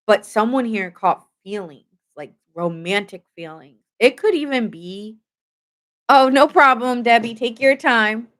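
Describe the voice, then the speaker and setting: A woman's voice: on the high side, a little slow, a bit bright. A woman giving a casual live tarot reading, chatting straight to her viewers and filling her talk with "like". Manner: chatty, lots of "like" fillers, talks straight to viewers. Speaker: tarot reader.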